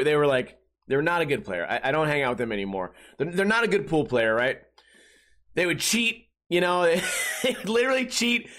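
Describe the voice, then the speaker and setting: A man's voice: high-pitched, fairly bright tone. A man in his thirties hosting a podcast, ranting in a sarcastic, profane, rambling way. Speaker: podcast host. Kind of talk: casual ranting monologue.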